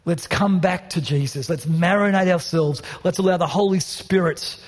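A man's voice: high voice, moderate pace. A man preaching a sermon as pastor, passionate and building to emphatic repeated lines. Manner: passionate, rising to emphatic repetition. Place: church hall.

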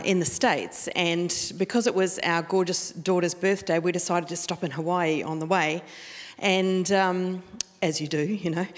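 A middle-aged woman with a New Zealand accent, preaching a sermon in a conversational, storytelling way. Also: lowish voice. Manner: conversational, storytelling with laughs and restarts. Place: church hall. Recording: long hall reverb.

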